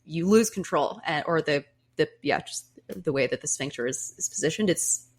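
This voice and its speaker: Woman, podcast host, lowish voice, candid, laughing, casual chat. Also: lively intonation, moderate pace.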